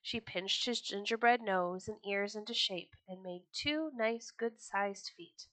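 Woman, storybook reading, podcast storyteller, expressive, bright, dry close sound. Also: mid-range voice, a little slow, no echo.

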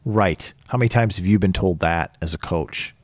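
A man's voice: sits low, normal speed, dry recording, clean studio sound. A tennis coach in a casual discussion, a man who explains his ideas at length with worked examples.

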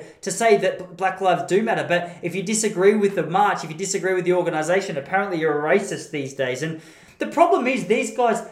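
Australian man, podcast host, opinionated monologue, rambling and blunt, echoey room sound. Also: on the high side. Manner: rambling, blunt, self-correcting. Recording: roomy echo.

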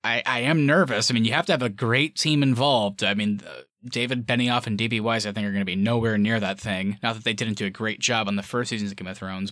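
A man's voice: mid-range voice, fairly bright tone, no room sound, clean studio sound. A man co-hosting a casual fan discussion podcast, chatty and rambling, with lots of fillers. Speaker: podcast co-host.

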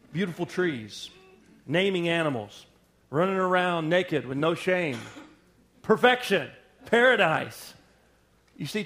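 A male pastor preaches with lively energy in a fairly high voice. He calls out to the congregation for responses and keeps an animated, conversational rhythm. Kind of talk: sermon.

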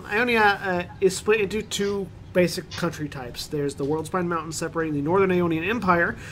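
A man narrating as game master on a voice call, explaining lore with many pauses and self-corrections. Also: high-pitched, a bit bright, a little hiss or hum.

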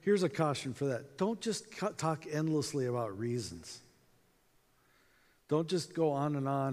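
A man giving a storytelling talk to a conference audience, acting out dialogue in an animated way, with reverb from a hall. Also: a little high, moderate pace. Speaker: conference speaker.

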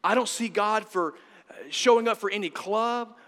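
Middle-aged male pastor, bright, slightly high voice, punchy preaching, long hall reverb. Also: normal speed. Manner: emphatic preaching with swings from loud to hushed. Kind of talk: sermon.

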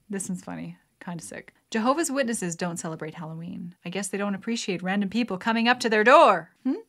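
A woman's voice: mid-range voice, brisk, a bit bright. A woman hosting a casual vlog, chatty and self-deprecating, often laughing through her jokes. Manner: giggly, laughs often mid-sentence. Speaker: channel host. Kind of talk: casual joke-telling vlog.

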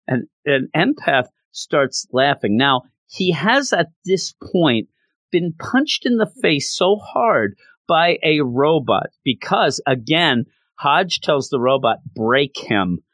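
A man giving a casual recap of a story, animated and often restarting his sentences. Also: a little high, slow, no echo. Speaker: comic book commentator.

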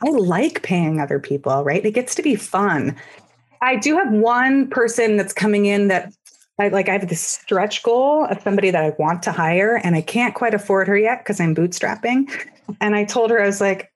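A woman's voice: mid-range voice, expressive, normal speed. A woman guest on a podcast, a startup founder talking frankly and with animation in casual conversation.

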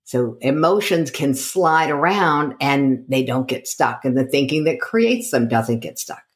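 A woman's voice: a bass voice, animated, a little slow. A middle-aged woman from the United States, a coach being interviewed, who tells her story with energy and acts out the dialogue she quotes. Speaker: guest, coach.

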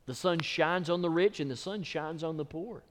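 A man preaching a sermon as pastor, building from quiet testimony to impassioned shouts and back down low. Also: moderate pace, slight background noise. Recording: long hall reverb.

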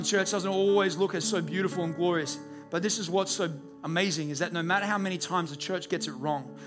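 Pastor preaching over music. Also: male voice, high-pitched. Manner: conversational, rhetorical questions. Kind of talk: sermon. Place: church service.

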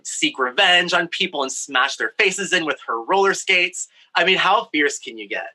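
Bright-voiced man telling a campy story. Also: medium pitch, rough recording. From Brazil. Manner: campy, candid, playful. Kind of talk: personal storytelling. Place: home craft studio in a shed.

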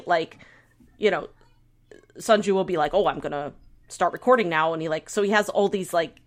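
A woman co-hosting a podcast, chatting casually as she retells a drama's plot in a rambling, animated way. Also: medium pitch. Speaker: podcast co-host. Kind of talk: casual chat, recapping a drama.

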